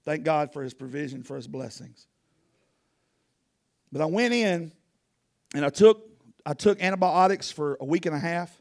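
A man preaching a sermon, telling a folksy story that swings from loud to hushed. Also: a little high, animated, normal speed, creaky, long pauses. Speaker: pastor.

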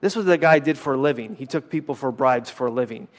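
A man's voice: mid-range voice, quick pace. An American man, a former missionary, preaching a sermon with a personal story, talking casually with many fillers and restarts. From United States. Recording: long reverb of a hall.

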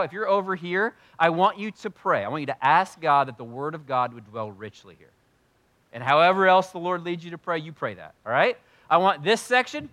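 A man preaching as pastor to his congregation, energetic and joking, with loud bursts of emphasis as he leads a prayer time in church. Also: a little high. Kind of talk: sermon leading congregational prayer. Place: church sanctuary.

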